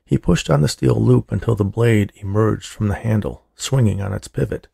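A man narrating a horror story in a steady, measured way. His voice sits low, with heavy gravel and a husky edge. The sound is dry and close. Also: no room sound. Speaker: audiobook narrator.

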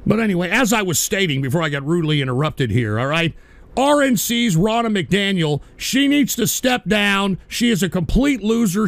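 A man from Texas, hosting a livestream talk show and ranting combatively about politics while shouting insults at trolls. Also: very high voice, creaky, dry recording. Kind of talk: angry political rant to live chat.

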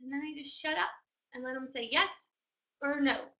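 A woman's voice: sits high, moderate pace, sharp tone, highs cut off. A woman in her forties, a business mentor, giving a chatty motivational training talk and telling stories straight to her audience. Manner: chatty storyteller, addresses audience directly.

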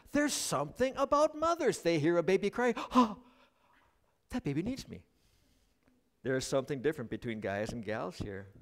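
A middle-aged male pastor preaching a sermon at a church service, joking with the congregation as an animated storyteller. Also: a little high. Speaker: guest pastor.

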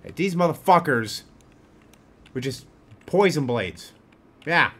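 A man's voice: on the high side, animated, fairly bright tone, husky. A man playing a video game and commenting, joking around and then swearing furiously at enemies. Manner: profane, quick to rage, swearing at enemies; joking, laid-back banter. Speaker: gaming streamer. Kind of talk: let's play commentary.

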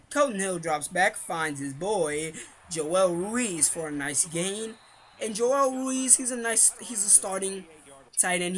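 High-voiced young man chatting over gameplay. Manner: chatty, rambling, hypes his team and slams his kicker; chewing gum while talking. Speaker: gaming commentator. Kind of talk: casual gameplay commentary.

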